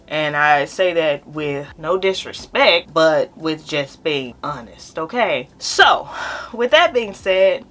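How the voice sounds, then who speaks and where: Heartfelt young woman vlogger, lowish voice. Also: fairly bright tone, a little hiss or hum. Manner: heartfelt, rambling, talks straight to viewers. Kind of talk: casual chat to camera.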